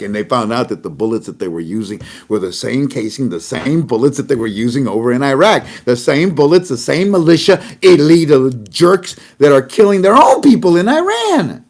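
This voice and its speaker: Man, casual news commentary, lively up-and-down voice, mid pitch, chatty and laughing. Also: moderate pace, hardly any pauses. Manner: chatty, laughs often, talks to viewers as family. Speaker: host of an online news show.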